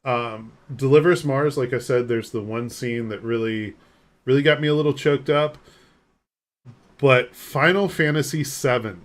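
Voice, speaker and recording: A man talking casually on a live game stream, rambling along and poking fun at himself while he answers chat. His voice sits at an ordinary middle pitch, picked up close on a desk mic. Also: moderate pace. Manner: rambling, self-deprecating, reads chat aloud and answers.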